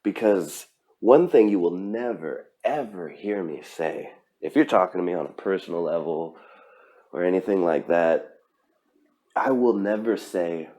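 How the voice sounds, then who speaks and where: A man with a low, deep voice talks alone on his own podcast. He speaks earnestly and with emphasis, often pausing on fillers and restarting his sentences as he pushes his point. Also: animated, mellow. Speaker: podcast host. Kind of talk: solo motivational podcast talk.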